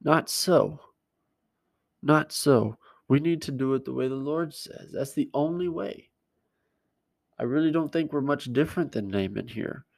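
A man's voice: a little high, a little slow, creaky, a little mellow, no echo. A male pastor giving a conversational sermon, plain-spoken and emphatic, repeating his key words.

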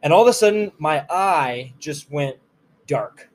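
Animated laughing man telling a story. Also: fairly high pitch, a little slow. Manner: animated, laughing, acts out scenes. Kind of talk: casual storytelling chat.

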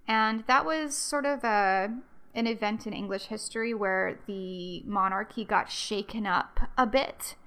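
A woman's voice: medium pitch, unhurried, a bit bright, smooth. Chatty woman hosting a history podcast. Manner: chatty, rambling, many ums and restarts. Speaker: podcast host. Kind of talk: casual solo history podcast.

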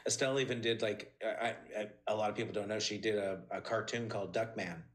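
A man as a podcast interview guest, telling animated stories with many restarts and high, bright quoted lines. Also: brisk. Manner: animated storyteller, many restarts, jumps high when quoting. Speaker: interview guest, former assistant. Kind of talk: casual interview talk.

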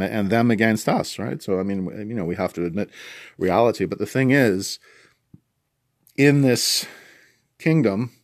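Low-voiced man giving a casual Bible talk. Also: a little mellow, dry recording, studio quality. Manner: conversational, many restarts and asides. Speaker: preacher. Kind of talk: informal Bible teaching.

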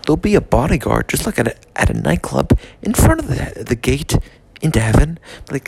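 Man, intoxicated, rambling comedic rant, profane, mock-serious, gravelly voice, mid pitch. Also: sing-song, brisk, few pauses, darkish tone.

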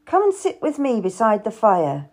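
A woman's voice: a little high, huge pitch swings, moderate pace, a little mellow, full character voice. A woman voicing an arrogant, charming young male nobleman who coaxes and gives orders. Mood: coaxing. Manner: coaxing, commanding.

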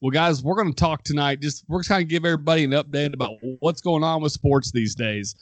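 A young man hosts a relaxed talk show and spins a story out loud. He acts out the people he quotes and laughs along the way. His voice sits dry and close to the mic. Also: on the high side, fast, dry recording. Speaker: podcast host. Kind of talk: casual chat, storytelling.

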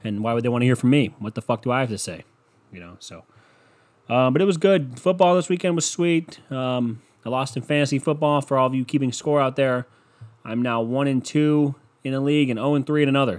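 Hosting a solo podcast, the man talks in a medium-pitched, somewhat mellow voice. His casual rambling is full of swearing and repeated "you know" fillers.

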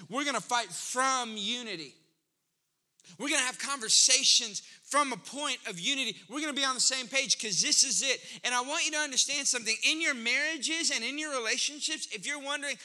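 Bright-voiced, high-pitched male preacher. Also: moderate pace. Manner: conversational, animated preaching with rising emphasis. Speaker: pastor. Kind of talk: sermon.

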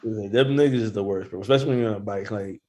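A man's voice: fairly low pitch, very fast, mellow. A man in laid-back, profane casual chat, laughing often and drawing words out.

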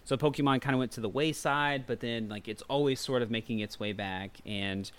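Man in his thirties, podcast co-host, laid-back, rambling with ums, smooth clear voice. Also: medium pitch, a little fast, a bit bright. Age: 30s. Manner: easygoing, rambling with many ums and uhs. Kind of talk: casual chat.

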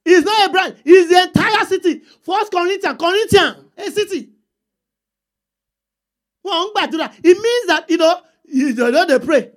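A woman's voice: very high voice, animated, a little slow. A woman preaching a sermon, repeating points and calling for answers from the congregation. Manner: call-and-response with the congregation, emphatic repeats.

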